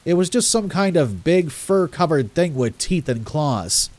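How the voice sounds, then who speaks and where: A man voicing a calm young male camp counselor who reassures and speaks in a soothing but brisk way. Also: on the high side, voice pushed up. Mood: reassuring.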